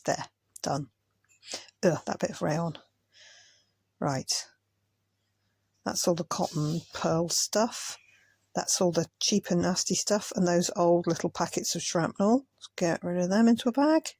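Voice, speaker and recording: A woman's voice: on the low side, unhurried, pauses often, darkish tone, slightly rough, no echo. A tired woman chatting casually as a craft vlogger, muttering asides as she sorts things. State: tired, yawning. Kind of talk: casual commentary over sped-up footage.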